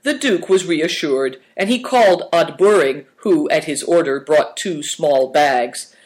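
A man reading a story aloud as narrator in a steady, measured way. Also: on the high side. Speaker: audiobook narrator.

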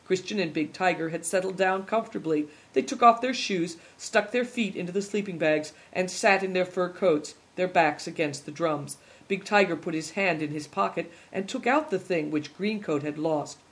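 Reading from a script, an audiobook narrator tells a children's novel aloud at an even, measured pace. The voice sits in the mid range.

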